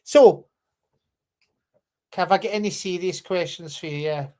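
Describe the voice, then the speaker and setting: A man's voice: high-pitched, unhurried, warm tone. A man guesting on a casual live chat, talking hesitantly and restarting his questions.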